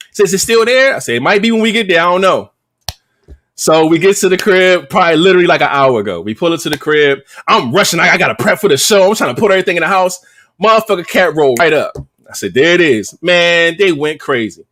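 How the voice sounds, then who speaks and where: A man's voice: a little high, lively intonation, fast talker, fairly bright tone. A man co-hosting a podcast, telling a story in casual, profane slang with lots of energy. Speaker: podcast co-host. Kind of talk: casual chat.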